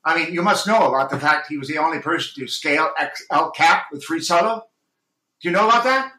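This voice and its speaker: A man speaks with intense earnestness, fumbling and restarting as he reflects on his craft. His voice is bright and forceful and sits a little high. The room around him is noticeably echoey. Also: lively intonation, a little fast. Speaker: actor and audiobook narrator, guest. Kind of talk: reflective interview talk.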